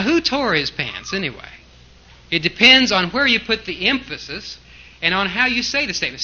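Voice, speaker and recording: A man with a high, very bright voice delivers an explanatory sermon, pressing each point with emphasis and asking questions of his listeners. The recording is dull and lo-fi. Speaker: preacher. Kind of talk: sermon lecture on scripture.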